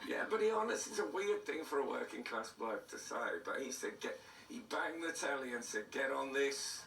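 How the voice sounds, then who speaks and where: A bright, forward-toned older man, hoarse and throaty, trading dry, self-mocking anecdotes. He sits in a roomy studio, heard from a little way off, with faint ambience behind him. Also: medium pitch, lively intonation, brisk, far from the mic, a little hiss or hum. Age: 60s. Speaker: comedian guest. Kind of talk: casual chat interview.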